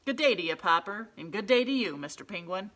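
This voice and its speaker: A woman's voice: mid-range voice, animated, brisk, a bit bright, close to an everyday voice. A woman voicing a puzzled, good-natured male policeman who talks in a folksy, easygoing way.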